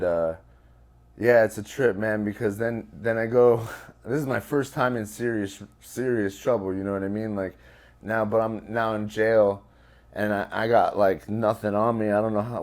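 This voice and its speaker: A man's voice: fairly low pitch, steady tone, normal speed, a little mellow. A man being interviewed, telling a personal story in casual, profane talk with lots of fillers. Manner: loose and profane, many fillers. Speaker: interview guest.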